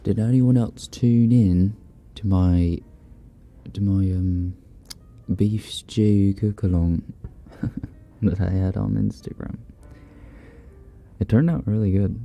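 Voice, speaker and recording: A man hosting a livestream in a soft-spoken, laid-back way, reading chat messages and chuckling often. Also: on the low side, fairly even intonation, slow, creaky, pauses often, soft background music. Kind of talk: casual live chat.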